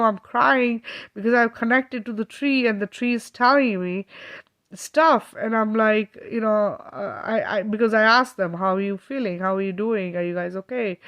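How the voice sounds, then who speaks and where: A woman's voice: medium pitch, a bit bright. A woman speaks straight to her viewers in a loose, rambling way, full of fillers and restarts. She sounds earnest and emotional, with the odd laugh breaking in. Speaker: spiritual channel host. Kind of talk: casual spiritual talk to viewers.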